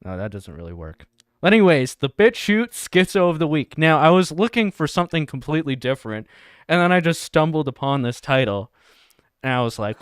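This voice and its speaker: Smooth-voiced man hosting a comedy stream. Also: fairly high pitch, sing-song, a little fast, no room sound, studio quality. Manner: laughing, crude, reading chat and video text aloud. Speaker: livestream host. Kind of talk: satirical livestream commentary.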